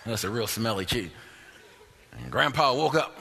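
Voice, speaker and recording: A man preaching a sermon in an animated style, calling out for amens and acting out the grumbling people in his story. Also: mid-range voice, quick pace, in a large hall, a little hiss or hum.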